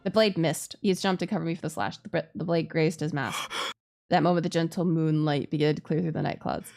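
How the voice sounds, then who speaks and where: A woman streamer reading a game aloud and breaking in with animated, cursing asides. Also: deep voice, a little fast, vocal fry, soft background music. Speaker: VTuber streamer.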